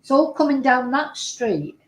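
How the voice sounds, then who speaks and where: A woman's voice: high-pitched, very animated, a little slow, roomy sound, low-quality recording. A woman, chatting casually as she talks through video clips and translates what is said in them. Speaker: host reacting to videos.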